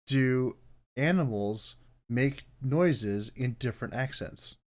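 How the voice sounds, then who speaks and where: A man's voice: mid-range voice, expressive, slow. A man co-hosting a podcast, chatting casually and wandering into playful tangents. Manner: chatty, tangents, mock debating. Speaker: podcast co-host. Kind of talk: casual chat.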